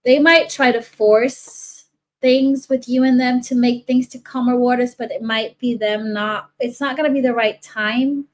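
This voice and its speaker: A woman's voice: on the high side, steady tone, a little slow, low-quality recording. Woman talking through a tarot reading. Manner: rambling, with frequent restarts and asides. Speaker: tarot reader. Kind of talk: casual tarot reading for viewers.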